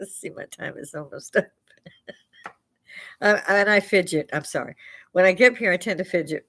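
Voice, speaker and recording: A woman's voice: on the low side, moderate pace, pauses often, fairly bright tone. An older woman hosting a casual livestream from a bar, slightly tipsy, rambling through stories with frequent laughs and swearing. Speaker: livestream host.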